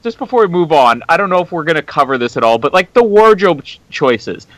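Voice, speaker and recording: Canadian guy cohosting a podcast, bright voice, dry close mic, rambles. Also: fairly high pitch, big pitch swings, fairly quick, no echo, rough recording. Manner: incredulous, rambling. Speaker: podcast co-host. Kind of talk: casual podcast chat.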